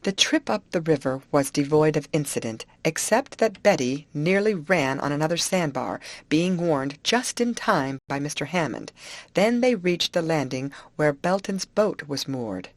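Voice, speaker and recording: A woman narrating an audiobook in a clear, expressive storytelling manner. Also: deep voice, normal speed, dry recording. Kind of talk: audiobook reading.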